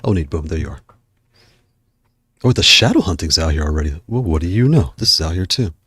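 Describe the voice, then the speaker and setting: A man's voice: low-pitched, lively intonation, brisk, a bit bright, slightly rough, no room sound. A man hosting a casual livestream, out of breath and chatting in a rambling way while he browses. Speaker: livestream host.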